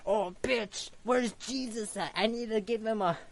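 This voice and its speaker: A man's voice: high voice, measured pace, a little hiss or hum. A man voicing a crude, bossy male god in a brash tone.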